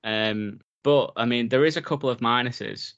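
A man's voice: mid-range voice, moderate pace, fairly bright tone, highs cut off. A man in his thirties co-hosting a casual film podcast, enthusiastic and rambling with lots of fillers. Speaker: podcast co-host.

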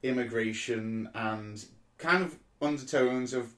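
A man, co-hosting a casual podcast chat, animated and laughing often, swearing freely. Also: mid-range voice, slow pace. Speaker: podcast co-host.

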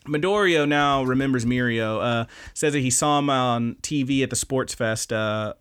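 A man hosting a podcast, casually recapping anime episodes with animated, profane storytelling. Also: medium pitch, normal speed, clean tone. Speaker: podcast host.

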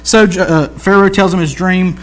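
A man's voice: sits high, fairly even intonation, normal speed. A man preaching a sermon in a loose, conversational storytelling way, with jokey asides and slang.

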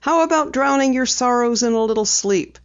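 A woman voicing a mischievous, teasing teenage daughter in a higher, playful voice. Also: normal speed, dull audio, lightly acted.

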